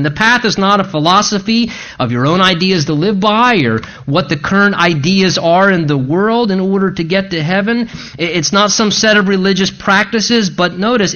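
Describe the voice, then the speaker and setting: A pastor preaching a sermon in an earnest, emphatic, conversational way. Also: male voice, high voice, fairly bright tone. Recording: dull lo-fi sound.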